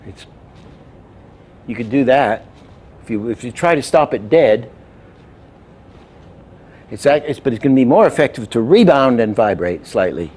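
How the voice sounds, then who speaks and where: A man's voice: mid-range voice, animated, a little slow, long pauses, a little mellow. A man explaining animation timing and doing little sound effects as he demonstrates. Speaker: animation teacher. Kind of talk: instructional demonstration.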